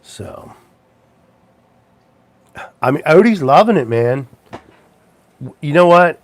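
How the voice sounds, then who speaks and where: A man's voice: fairly high pitch, lively intonation, takes it slowly, no echo. A man hosting a casual livestream chat, rambling and chuckling, with plenty of ums and restarts. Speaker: live show host.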